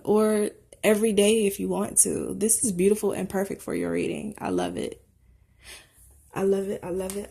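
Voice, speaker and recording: A woman's voice: mid-range voice, vocal fry, dark tone. A woman giving an encouraging tarot reading to her viewers, repeating phrases and affirmations. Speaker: tarot reader.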